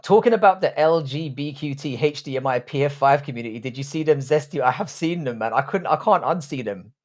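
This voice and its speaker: Crude, joking young British man streaming. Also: mid-range voice. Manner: crude, profane, joking banter. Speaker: live-stream host. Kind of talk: casual live-stream chat, reading viewer comments.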